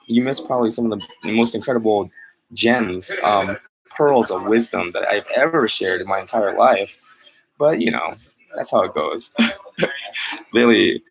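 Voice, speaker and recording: Earnest rambling man with a gravelly voice. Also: medium pitch, low-quality recording. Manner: earnest, rambling, self-correcting, laughs often. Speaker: dog groomer hosting a live chat. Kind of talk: casual live-stream chat.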